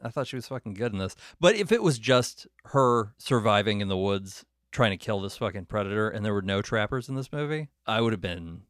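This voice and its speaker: A man co-hosting a podcast, chatting casually about movies, blunt and teasing and quick to swear. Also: on the low side, expressive, fairly bright tone, no room sound, clean studio sound. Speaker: podcast co-host. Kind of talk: casual chat.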